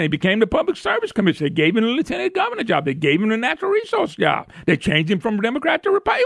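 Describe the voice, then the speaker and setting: A man's voice: high-pitched, wildly swooping pitch, fast talker, creaky, few pauses, fairly bright tone, no echo, clean studio sound. A man hosting talk radio, folksy, sarcastic and ranting. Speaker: radio talk show host. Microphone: studio microphone.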